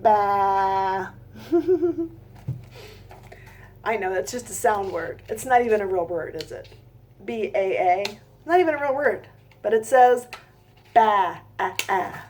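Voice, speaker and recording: A young woman teaching a phonics lesson to small children, reading aloud gently and speaking straight to her listeners. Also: mid-range voice, lively intonation, a little slow, pauses often, a little hiss or hum. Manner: gentle, talks directly to young listeners, sings snatches of nursery songs.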